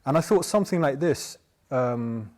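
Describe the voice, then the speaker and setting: A man's voice: medium pitch, animated, moderate pace, a little mellow. A man giving an informal Buddhist talk, rambling and chatty, often checking in with "yeah?". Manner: chatty, tags points with "yeah?"; loose and rambling, with many restarts. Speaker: Buddhist teacher.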